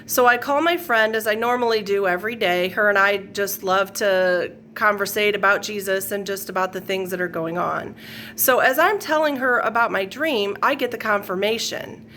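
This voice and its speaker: A woman's voice: mid-range voice, moderate pace, pushed and bright, slight background noise. A middle-aged woman earnestly retelling a dream as a personal faith testimony, rambling with fillers and quoted lines. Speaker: faith video host. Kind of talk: personal testimony, casual storytelling.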